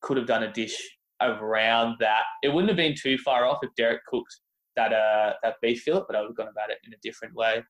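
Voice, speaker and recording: A man's voice: mid-range voice, fast talker, a bit bright, low-quality recording. A man, a guest on a chat show, talking in a laid-back, joking way with plenty of fillers. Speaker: podcast guest, cooking contestant. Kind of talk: casual chat.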